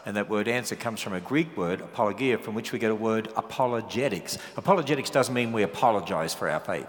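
A man's voice: on the low side, fast talker. Australian man preaching in a reverberant hall. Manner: animated, rhetorical questions, joking asides. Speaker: guest speaker. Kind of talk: sermon. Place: large church hall.

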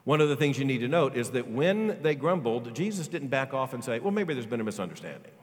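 A male pastor preaching a sermon, swinging from loud, emphatic high lines to quiet, low ones. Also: very animated, quick pace. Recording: long reverb of a large hall.

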